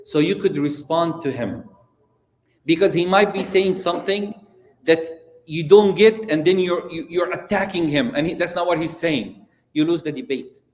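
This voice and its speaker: A male imam teaches a lesson in a slightly high voice, telling stories animatedly and putting questions to his listeners. The roomy echo of a mosque hall surrounds him. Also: moderate pace. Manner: animated, storytelling, asks the audience questions. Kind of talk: religious lesson.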